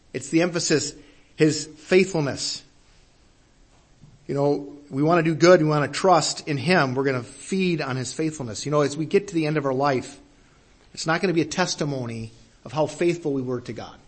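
A man's voice: mid-range voice, slightly rough. A man preaching a sermon in an earnest way, repeating his phrases and building to emphatic peaks.

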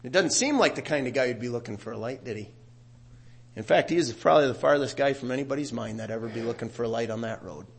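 A middle-aged man preaching a sermon, growing loud and animated when he quotes scripture. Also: medium pitch, fast talker, creaky. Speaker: pastor.

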